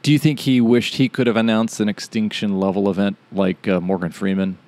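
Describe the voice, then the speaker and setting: A man's voice: lowish voice, fairly even intonation, brisk, darkish tone. A man co-hosting a comedy podcast in casual chat, jokey and often laughing between lines. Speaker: podcast co-host.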